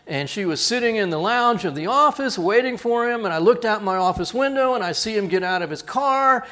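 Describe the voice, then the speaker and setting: Man, pastor, high voice, animated storytelling sermon. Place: church.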